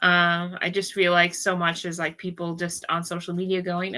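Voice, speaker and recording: A woman's voice: lowish voice, flat delivery, moderate pace, few pauses, pushed and bright, low-quality recording. A woman co-hosting a casual chat podcast, candid and chatty, laughing easily. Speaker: podcast co-host.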